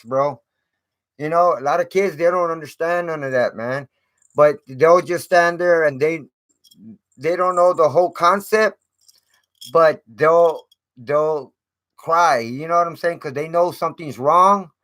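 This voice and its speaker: A man's voice: medium pitch, a bit bright, clear, resonant tone. A man hosting his own channel, talking casually to viewers in a rambling way, with many fillers and repeated words. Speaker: channel host. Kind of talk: casual live-stream talk.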